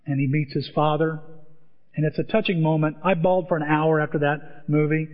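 A man preaching a sermon, telling stories in a lively way and acting out the voices of the people he quotes. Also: a little high, a little fast. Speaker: pastor. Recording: dull sound with long hall reverb.

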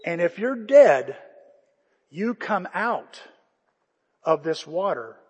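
A male pastor preaching a sermon, impassioned, swinging from loud calls to hushed pleas. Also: sits high, big pitch swings, takes it slowly, husky. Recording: echoey church hall.

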